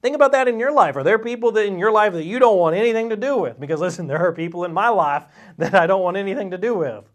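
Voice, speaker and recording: A man's voice: sits high, fast, few pauses. A man teaching a Sunday school Bible lesson, conversational and folksy, acting out quotes with a rising voice. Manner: animated, acts out quotes with a rising voice.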